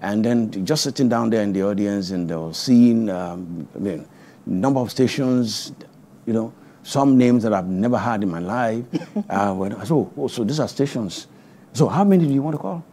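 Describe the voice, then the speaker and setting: A man's voice: on the low side, moderate pace. A middle-aged man with a Nigerian English accent, a veteran broadcaster on a studio panel who tells stories with lots of restarts. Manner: animated, storytelling, many restarts.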